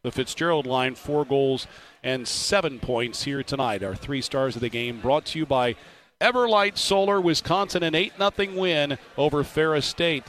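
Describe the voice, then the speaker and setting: A man hosting a radio hockey post-game show, brisk and upbeat, reading scores and sponsor lines. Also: a little high, animated, fairly bright tone. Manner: brisk, upbeat, scripted reads. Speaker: radio play-by-play host.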